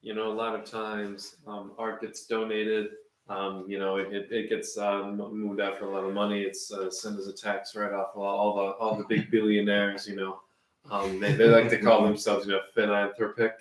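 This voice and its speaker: Flat-voiced man musing through clues. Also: lowish voice, reverberant. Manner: halting, musing, full of fillers. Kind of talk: improv word game.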